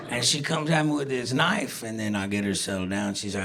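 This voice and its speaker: A man's voice: lowish voice, fairly even intonation, brisk, few pauses, very noisy. A brash man doing a rowdy stand-up comedy set on a club stage. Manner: brash, rowdy, shouting punchlines. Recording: live club set with audience. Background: audience laughter and reactions.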